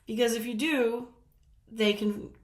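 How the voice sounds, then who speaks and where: A woman's voice: a little high, steady tone, a little slow. A woman from the American South telling rambling stories in a casual chat, laughing often. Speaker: vlogger. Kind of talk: casual storytelling. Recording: roomy echo.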